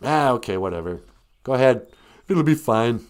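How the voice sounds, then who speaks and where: A man's voice: mid-range voice, animated, moderate pace, clean tone, natural voice. Man doing an exasperated Commissioner Gordon. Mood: dismissive. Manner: exasperated, matter-of-fact. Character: exasperated, practical middle-aged police commissioner.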